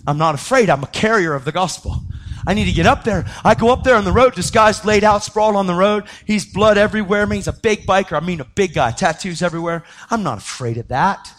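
A man preaching a sermon, telling a story with lively energy and acting out the voices of the people in it. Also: fast. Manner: animated, acts out quoted voices, pitch jumping up when excited.

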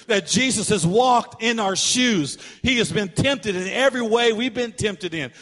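An animated male preacher tells a story from his own life, throwing himself into every quoted voice. His voice sits fairly high for a man. A long hall reverb trails after each phrase. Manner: animated, acts out quotes with big swings of pitch and volume. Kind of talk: sermon storytelling.

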